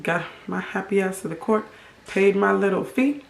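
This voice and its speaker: Animated woman telling a story in a roomy echo. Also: mid-range voice, normal speed, creaky. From Haiti. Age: middle-aged. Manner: animated, emphatic, indignant storytelling. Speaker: vlogger. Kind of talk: storytime vlog.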